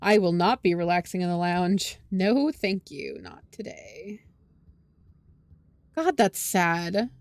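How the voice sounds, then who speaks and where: A woman's voice: lowish voice, big pitch swings, takes it slowly, darkish tone, no room sound. A woman streamer reading a story game aloud and reacting with sighs, groans and swearing. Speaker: VTuber streamer.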